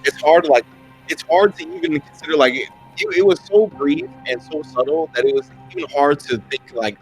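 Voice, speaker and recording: A man's voice: a little high, brisk, faint music behind. A man narrating a tabletop game as dungeon master, rambling and hesitant with lots of fillers.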